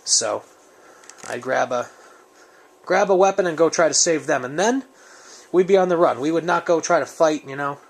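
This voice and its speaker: A man's voice: fairly high pitch, moderate pace, creaky, pauses often. A man casually reviewing his survival gear on camera, rambling and joking in an off-the-cuff way. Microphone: camera mic, speaker off-frame.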